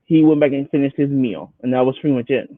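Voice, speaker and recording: Animated male co-host, higher voice, tinny phone sound, dry. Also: fast talker, no room sound. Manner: animated, acts out people he talks about. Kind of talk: casual chat about a reality show.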